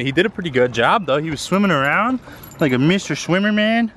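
A man's voice: fairly high pitch, big pitch swings, brisk, pauses often, fairly bright tone. A man casually vlogging outdoors by a pool, playfully coaxing his dog and putting on joking voices for it. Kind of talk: casual vlog narration. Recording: noisy outdoor recording.

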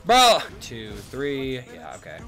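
A man's voice: medium pitch, wildly swooping pitch, slow, a bit bright. A young man commenting casually on his own gameplay, swearing and breaking into frustrated outbursts. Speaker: gaming streamer.

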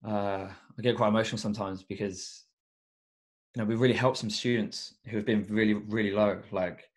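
As a podcast guest in a casual interview, a young man who coaches in education speaks at normal speed with a lowish, steady voice. His talk is sincere and thoughtful, sprinkled with fillers.

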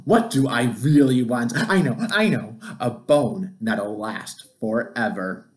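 A man's voice: mid-range voice, takes it slowly, lightly acted. A man voicing an eager, cheerful male puppy in a storybook, bouncy and playful, with sudden squeals. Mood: thoughtful.

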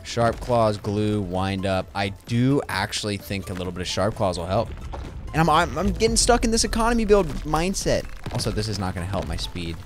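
This streamer's voice sits on the low side with big pitch swings, and he talks briskly. He is joking and rambling to himself while playing, offering casual gameplay commentary with game music behind him.

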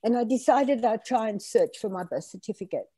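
An older woman raised in Australia and born in Greece, telling her story in an animated, conversational interview. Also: a little high, a little fast, slightly rough, dry recording, clean studio sound. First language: Greek. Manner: animated storyteller acting out quoted dialogue. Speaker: author being interviewed.

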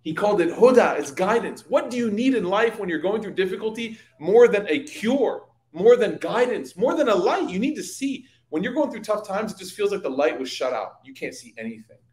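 Man teaching, lively storyteller, roomy hall. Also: high-pitched, fairly quick, hardly any pauses. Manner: lively anecdotal storytelling, addressing audience. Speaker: religious teacher. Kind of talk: evening Quran study talk. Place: community hall.

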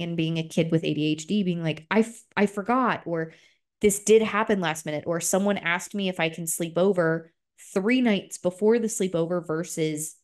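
A young adult woman hosting a solo podcast, talking openly and emotionally and swearing freely, her voice jumping up high when she gets excited. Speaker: podcast host. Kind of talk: solo confessional podcast talk.

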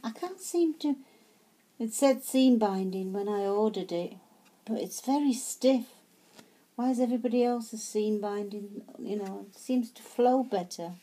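A woman talks through her handmade craft tags in a casual, chatty way. She speaks slowly with a warm, mellow tone, often stumbling over words and restarting. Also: mid-range voice. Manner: chatty, hesitant, many fillers and restarts. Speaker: craft vlogger. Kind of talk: casual show-and-tell.

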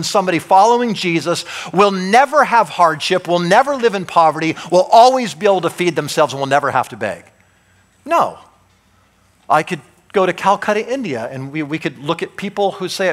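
High-voiced pastor preaching conversationally. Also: male voice, animated, normal speed, fairly bright tone. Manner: conversational, checks in with listeners often. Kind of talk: sermon. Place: church.

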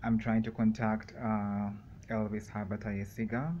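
A man talking alone in a room for a rambling solo vlog, meandering and halting with many fillers and pauses. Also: fairly low pitch, level tone, mellow, highs cut off, slight background noise. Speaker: vlogger.

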